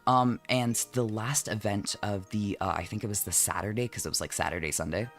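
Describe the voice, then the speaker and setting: A man streaming from home as a vtuber, chatting casually while he draws, animated and jokey, swearing often and teasing his chat. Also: on the low side, brisk, faint music behind.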